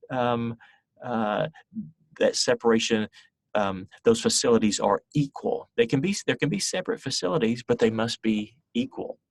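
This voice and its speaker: A man's voice: mid-range voice, no room sound. A man teaching a history class in a recorded lecture, explaining step by step with frequent fillers and restarts.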